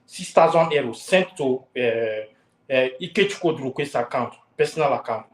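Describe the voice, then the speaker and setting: A man's voice: a little high, normal speed, reverberant, low-quality recording. A man hosting a heated talk show, repeating his warnings with force.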